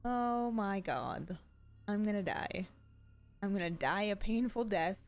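A woman streaming horror games, chatty and expressive and swearing freely. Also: medium pitch, slow, soft background music. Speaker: game streamer. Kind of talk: live reactions to horror games.

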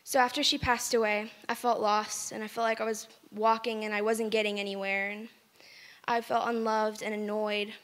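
A woman's voice: mid-range voice, little pitch movement, moderate pace. A teenage girl giving a personal testimony in church, speaking earnestly and plainly. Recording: long hall reverb.

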